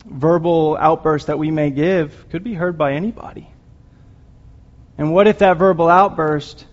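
A man giving an earnest, emotional sermon, rambling at times with restarts and apologies. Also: fairly high pitch. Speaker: lay preacher. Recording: dull lo-fi recording.

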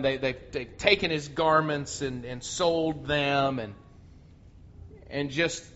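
Man, sermon, very slow, earnest, dull lo-fi recording. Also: a little high, sharp tone. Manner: slow, earnest preaching with repeated restarts. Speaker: pastor. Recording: muffled lo-fi sound.

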